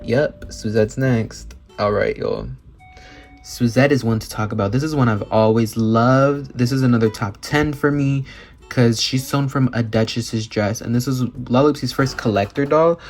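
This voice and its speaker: Excitable guy vlogging, gushing nonstop, lots of likes and swearing, middle pitch, soft music behind. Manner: gushing and excitable, heavy filler words, casual swearing. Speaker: doll collector and reviewer. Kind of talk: casual vlog commentary.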